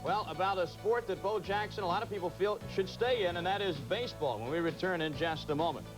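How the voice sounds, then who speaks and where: A man's voice: sits high, quick pace, music in the background, low-quality recording. A man hosting a sports talk show, wry and joking as he hands off to his co-host.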